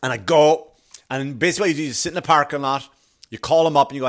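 A man's voice: fairly high pitch, fast talker. A man hosts his own show and rants on his own, sarcastic and fed up, with a curse in nearly every sentence. His voice sits a little above the usual male range. He talks as a dad venting about everyday annoyances. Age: adult father. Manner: sarcastic, exasperated, swears constantly. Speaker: podcast host. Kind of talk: profane ranting monologue.

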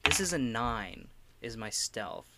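A man's voice: mid-range voice, animated, takes it slowly, very noisy. A man playing a tabletop role-playing game, chatting casually and swearing. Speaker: player.

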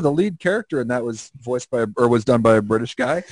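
Animated man telling a prank story. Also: quick pace, hardly any pauses, dry recording. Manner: animated storyteller, acts out quotes with jumps in pitch. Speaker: podcast co-host. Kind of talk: casual chat.

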